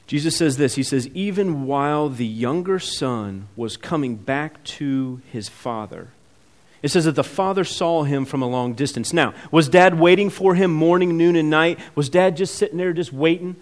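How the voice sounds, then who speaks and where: Preacher swinging from loud to hushed. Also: male voice, on the high side, animated, moderate pace. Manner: swings between loud emphatic peaks and quiet, intimate asides; acts out the characters' words as he reads. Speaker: pastor. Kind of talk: sermon.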